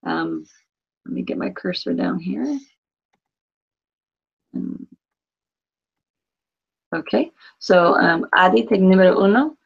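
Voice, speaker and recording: A woman's voice: mid-range voice, wildly swooping pitch, slow pace, gravelly, pauses often, breathy edge, muffled recording. A woman teaching a Spanish class online, patiently correcting her students by name. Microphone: computer mic on a video call.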